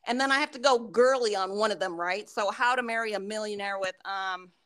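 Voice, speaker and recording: A woman's voice: medium pitch, fairly quick. A woman co-hosting a casual podcast chat, swearing freely and acting out what friends said. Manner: swears a lot, quotes friends in animated retellings. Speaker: podcast co-host.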